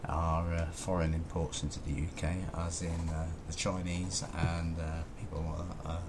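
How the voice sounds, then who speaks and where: A deep-voiced man hosts a local radio show, rambling through his chat between songs. His voice comes through a noisy broadcast with a hiss underneath. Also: little pitch movement, normal speed. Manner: rambling, conversational. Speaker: radio presenter.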